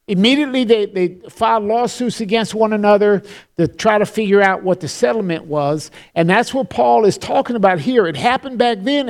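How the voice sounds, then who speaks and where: A man's voice: sits high, darkish tone. A pastor giving an expository Bible teaching in an earnest, explanatory way, often repeating words as he thinks.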